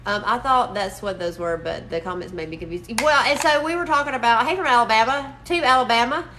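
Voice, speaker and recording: A woman's voice: fairly high pitch, fairly quick, pushed and bright, a little hiss or hum. A woman hosting a crafting live stream, chatting in a rambling, chatty way and laughing often. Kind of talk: casual live stream chat.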